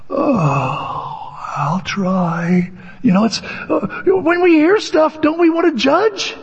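A man's voice: extremely high pitch, animated, unhurried. A man preaching a sermon, telling stories with animation and acting out his own inner voice. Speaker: pastor. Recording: dull lo-fi audio with long hall reverb.

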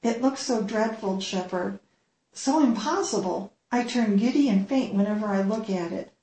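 A woman voicing a timid, frightened young woman pilgrim in a soft, trembling reading. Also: mid-range voice, moderate pace, roomy sound, close to an everyday voice, poor audio. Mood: fearful.

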